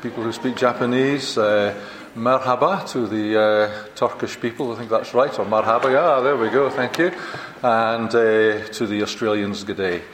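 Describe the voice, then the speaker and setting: An older man with a Scottish accent giving a chatty, self-deprecating conference talk, halting and restarting as he goes. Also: mid-range voice, reverberant, noisy background. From Scotland. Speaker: visiting university lecturer. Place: large lecture hall.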